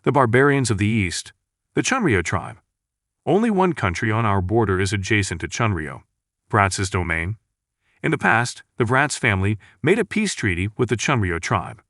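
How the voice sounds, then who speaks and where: A man's voice: on the low side, very animated, normal speed, a bit bright, no room sound. A man narrating a comic story recap in a plain storytelling manner, on a close mic.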